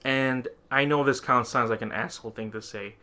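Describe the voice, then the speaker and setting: A man's voice: medium pitch, steady tone, a little fast, sharp tone. A man co-hosting a podcast, telling a story in casual chat, laughing often and acting out quoted lines. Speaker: podcast co-host.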